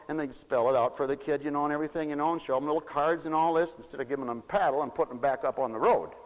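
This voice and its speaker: A man preaching a fiery, folksy sermon. He swoops between loud declarations and mocking asides. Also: medium pitch, fast talker. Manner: folksy, shouting and swooping, mocks voices. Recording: long hall reverb.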